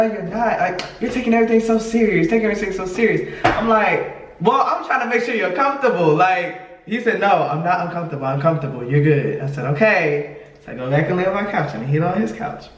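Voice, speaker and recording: A man telling a story in casual chat, acting out the other people's lines and laughing often. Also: high voice. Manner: animated, acts out quoted dialogue, laughs often. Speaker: podcast co-host telling a story. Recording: echoey room from a distance.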